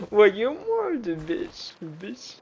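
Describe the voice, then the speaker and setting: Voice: medium pitch, wildly swooping pitch, slow pace, vocal fry, background noise. A gamer chatting casually while playing, teasing and laughing constantly. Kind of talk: casual gaming chat.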